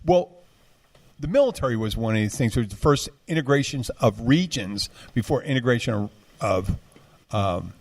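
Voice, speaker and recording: A man co-hosting a podcast chats casually in a mid-range voice with lively intonation at a moderate pace. He rambles, restarting his sentences many times.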